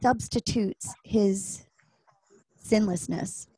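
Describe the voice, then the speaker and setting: A woman's voice: medium pitch, slow pace, warm tone, slightly rough, no echo, clean studio sound. A woman hosting a faith podcast, reflecting on and quoting scripture in a reassuring way. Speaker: podcast host. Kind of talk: podcast interview.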